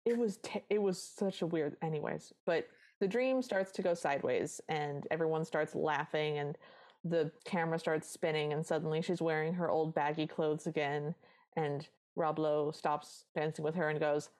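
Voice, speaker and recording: A woman's voice: deep voice, fairly even intonation, moderate pace, darkish tone. A woman co-hosting a podcast, recapping a movie in casual chat with wry asides. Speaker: podcast co-host.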